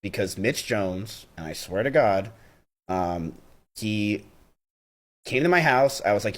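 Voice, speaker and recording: A man's voice: on the low side, animated, a little slow, pauses often. Blunt, profane young man recounting a feud. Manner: blunt, profane, heated retelling with quoted dialogue. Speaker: streamer. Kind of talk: casual storytelling to stream chat.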